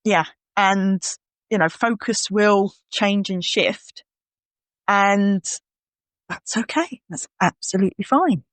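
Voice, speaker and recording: A woman's voice: medium pitch, takes it slowly, a bit bright, no echo. A woman co-hosting a podcast in casual chat, acting out her inner voice in little quoted scenes. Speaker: podcast co-host.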